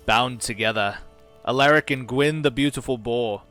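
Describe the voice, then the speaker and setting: A man's voice: mid-range voice, normal speed, sharp tone, faint music behind. Sarcastic, swearing man playing a game. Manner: profane, sarcastic asides while reading game text. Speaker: gaming channel host. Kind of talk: casual let's-play commentary.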